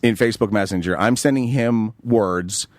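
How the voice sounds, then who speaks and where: A man's voice: lowish voice, moderate pace, no room sound. A man hosting a talk show, telling a long anecdote in casual, profane chat and acting out the dialogue. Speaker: show host.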